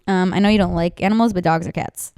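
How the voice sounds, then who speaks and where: A woman's voice: fairly low pitch, fairly even intonation, fast, a little mellow, no room sound, clean studio sound. A young woman hosting a podcast, telling stories in a chatty way and swearing freely. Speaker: podcast host. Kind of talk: casual chat.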